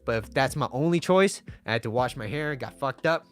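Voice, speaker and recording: A man's voice: medium pitch, expressive, brisk, clean tone, faint music behind. Chatty man giving dating advice. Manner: chatty, conversational, often asks "right?". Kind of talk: casual advice talk to viewers.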